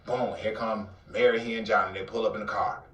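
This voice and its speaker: A man with an Atlanta accent telling a dramatic personal story in an interview, acting out the voices and swinging between loud outbursts and near-whispers. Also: fairly low pitch, steady tone, fairly quick. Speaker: guest telling his life story. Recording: roomy, somewhat distant mic.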